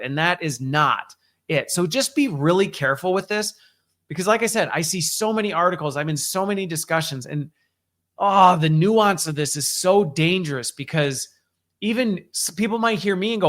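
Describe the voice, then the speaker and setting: A man's voice: fairly high pitch, moderate pace, fairly bright tone. A man hosting a weekly update show, talking casually and emphatically with frequent restarts. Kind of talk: casual solo commentary.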